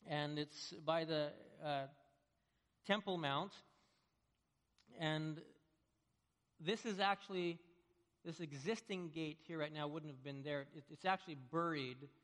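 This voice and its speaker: A man preaching a sermon, telling vivid stories that swing between hushed and loud. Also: a little high, unhurried, pauses often. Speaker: pastor. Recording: long reverb of a large hall.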